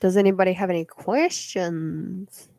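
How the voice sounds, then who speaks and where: A woman's voice: lowish voice, unhurried, creaky, dark tone, no echo. Chatty New Zealand woman, dry sound. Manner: rambling, chatty, many fillers. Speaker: card reader on a live stream. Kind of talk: casual live-stream chat.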